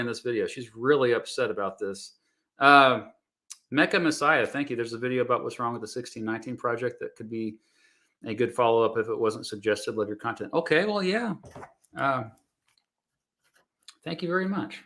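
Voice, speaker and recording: A man in his thirties or forties who teaches history watches videos and responds on the spot, thinking aloud with many fillers and fresh starts. He sounds relaxed and soothing, pitched in the middle range.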